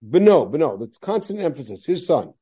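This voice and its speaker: A man's voice: fairly high pitch, sing-song, a little fast, dark tone, slightly rough. A man teaching a class on a biblical text, reading Hebrew verses aloud and explaining them with rhetorical questions. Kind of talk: classroom Torah lesson.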